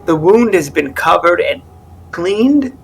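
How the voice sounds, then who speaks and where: A high-pitched man serves as game master for a tabletop role-playing session, setting scenes and voicing what happens. His storytelling is slow and relaxed with a gravelly voice, and the recording is rough.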